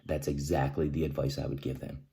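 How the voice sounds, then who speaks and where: A man giving earnest advice, emphatic and repetitive, often asking "right?" and clearing his throat between halting restarts. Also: a bass voice, flat delivery, warm tone. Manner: emphatic, repeats key phrases, says "right?" often. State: emotional. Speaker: vlogger sharing personal experience. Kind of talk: earnest direct-to-camera advice talk.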